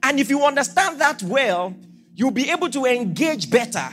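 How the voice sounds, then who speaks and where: Male pastor, animated sermon delivery, wide-ranging pitch, soft music underneath. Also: normal speed. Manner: animated preaching, rhetorical questions, swings from soft to shouting.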